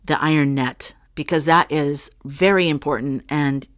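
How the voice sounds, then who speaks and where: A woman's voice: low voice, steady tone, measured pace, no echo, studio quality. A middle-aged woman hosting a casual spiritual vlog, rambling and talking straight to her viewers as she reads oracle cards. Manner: chatty and rambling, addresses viewers directly. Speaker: spiritual channel host.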